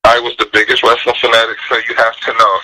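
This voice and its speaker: A man hosting a radio talk show, telling stories in an animated way and laughing as he goes. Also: mid-range voice, quick pace, poor audio. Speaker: radio host. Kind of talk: casual radio chat.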